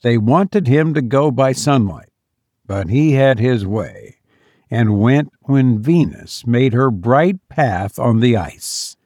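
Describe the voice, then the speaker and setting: Slow, gravelly male storyteller. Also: medium pitch, very animated, a little mellow, no echo, studio quality. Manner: measured, deliberate storytelling. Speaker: narrator. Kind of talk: audiobook narration of a story.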